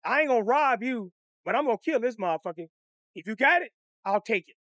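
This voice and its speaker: A man's voice: extremely high pitch, animated, fairly quick, a bit bright, no echo, pitched above the performer's own voice. A man voicing a menacing debt collector who threatens bluntly and profanely.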